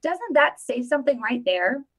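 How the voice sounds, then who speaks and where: Animated, emphatic woman talking politics. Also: high-pitched, moderate pace. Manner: animated, emphatic, repeats phrases. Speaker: political commentary vlogger. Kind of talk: casual live-stream commentary.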